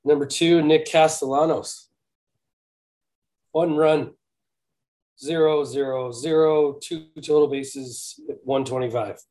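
A man's voice: a little high, fairly even intonation, slow, long pauses, darkish tone. Dry-teasing male podcast co-host. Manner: dry teasing, rattles off stat lines, swears casually. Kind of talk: casual podcast banter.

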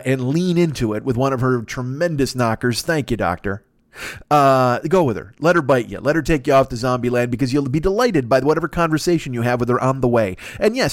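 A man hosting a podcast, riffing through a profane comic monologue with bursts of laughter. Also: mid-range voice. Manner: animated, swearing, bursts of laughter. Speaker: podcast host.

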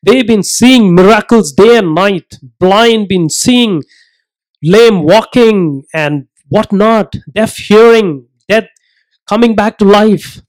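High-voiced preacher. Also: male voice, rough recording. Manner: earnest, rhetorical questions, slow emphatic phrasing. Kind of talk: sermon.

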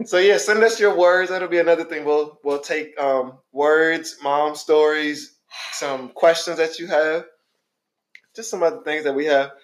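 A man co-hosting a casual podcast, tipsy from wine, chatty and quick to laugh. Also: a little high, steady tone, low-quality recording. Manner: chatty, laughs easily, rants about everyday annoyances. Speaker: podcast co-host.

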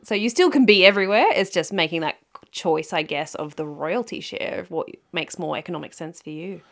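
A woman author co-hosting a podcast, thinking aloud in a relaxed, hesitant way. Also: lowish voice, brisk, vocal fry. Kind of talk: casual podcast chat.

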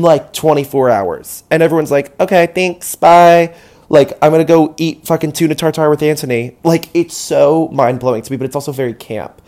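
A man's voice: medium pitch, mellow. Rambling sarcastic man hosting a podcast. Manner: rambling, self-deprecating, sarcastic, swears freely. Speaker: podcast host. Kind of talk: solo comedic monologue.

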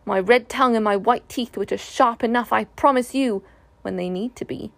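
A woman's voice: fairly high pitch, normal speed, creaky, a bit bright, no room sound. A woman voicing a haughty, vain female otter in a storybook reading, with a demanding manner.

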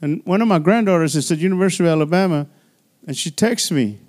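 An older male pastor preaches in a high, light voice. He moves between lively exhortation and chatty, laughing asides, as if talking straight to the congregation in church. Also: fast talker. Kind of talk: sermon.

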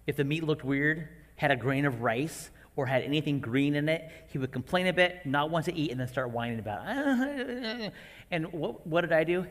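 A man in his forties preaching a sermon to parents, animated and acting out his own outbursts. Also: fairly high pitch, normal speed. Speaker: pastor. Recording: long hall reverb.

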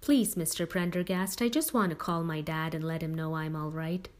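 Anxious teen boy read by a woman, halting, hesitant, a bit higher than the narration. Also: lightly acted. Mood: pleading. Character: anxious teenage boy on the phone.

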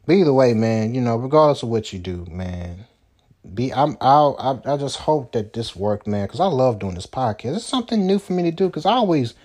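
A man's voice: medium pitch, big pitch swings, a little fast, darkish tone. A man hosting his own solo podcast, talking loosely and rambling with lots of fillers like "you know" and "man". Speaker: podcast host. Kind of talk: solo casual podcast chat.

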